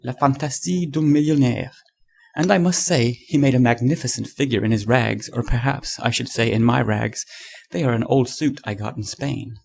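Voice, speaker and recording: A man reading aloud, voicing a jovial painter who breezily teases his friend, with a gravelly, husky tone. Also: mid-range voice, darkish tone. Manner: amused, breezy, playful.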